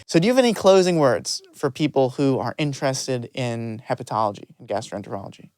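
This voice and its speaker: A man's voice: medium pitch, animated, a little mellow, dry recording. A young man in his twenties, a medical student hosting a podcast, asking questions eagerly and with enthusiasm. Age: 20s. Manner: eager, enthusiastic, quick to laugh. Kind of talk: casual interview.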